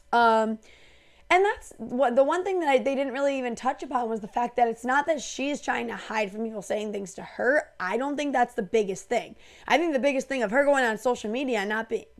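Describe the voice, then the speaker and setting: A woman hosting a reality TV recap, talking casually and with strong opinions, full of "like" and "um". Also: a little high. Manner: chatty, opinionated, lots of fillers like "like" and "um". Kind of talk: casual recap talk to camera.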